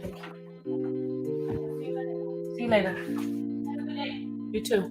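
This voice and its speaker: A woman's voice: mid-range voice, fairly even intonation, slow pace, over loud music. A woman hosting a livestream from home, chatting casually with viewers and calling them y'all. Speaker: livestream host.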